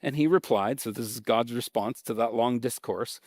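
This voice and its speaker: A male pastor preaching a sermon in a casual, conversational way, reading scripture aloud and then explaining it with lively reactions. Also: mid-range voice, normal speed, dry recording, clean studio sound. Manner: animated and conversational, acting out reactions.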